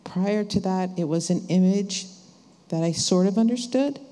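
A woman slowly and reflectively sharing her faith testimony. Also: mid-range voice, warm tone. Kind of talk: church testimony talk. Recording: hall reverb.

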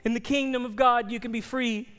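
A male pastor with a very high voice delivers an earnest, pleading altar call, at times sinking into hushed near-whispers. His tone is steady and smooth, his pace a little fast, with a long reverb tail and soft instrumental music faintly underneath.

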